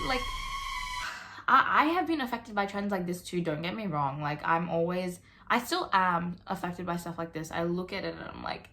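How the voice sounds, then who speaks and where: A woman's voice: fairly low pitch, normal speed, a bit bright, slight background noise. A young woman talking straight to camera in a casual opinion vlog, chatty and earnest, with lots of fillers. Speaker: vlogger.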